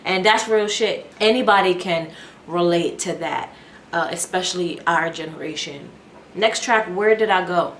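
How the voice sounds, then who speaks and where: A woman giving a casual reaction review of an album, candid and chatty, thinking out loud as she goes. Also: on the low side, moderate pace, a little hiss or hum. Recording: echoey room with music playing.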